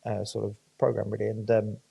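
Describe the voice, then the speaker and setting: A man tells his stories at a quick clip, one after another. His voice is mellow and somewhat dark. He swears freely and acts out the voices of the people he quotes. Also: lowish voice, completely flat delivery, gravelly, breathy edge, lo-fi sound. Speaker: podcast guest. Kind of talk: casual storytelling chat.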